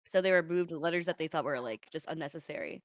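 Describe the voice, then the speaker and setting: A woman's voice: low voice, fast talker. A woman guest on a casual video-call interview, blunt and teasing, laughing often as she talks.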